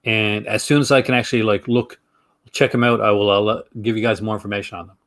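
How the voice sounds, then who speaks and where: A man's voice: fairly low pitch, flat delivery, quick pace, fairly bright tone. A man hosting a film review channel, talking casually to camera in a chatty, rambling way and laughing easily.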